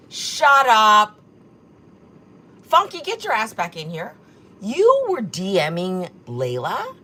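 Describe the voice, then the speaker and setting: The livestream host, a Korean woman with a fairly low pitch, reads chat comments aloud in a casual stream and mocks them, swearing heavily and sounding sassy. A slight hiss or hum sits in the background.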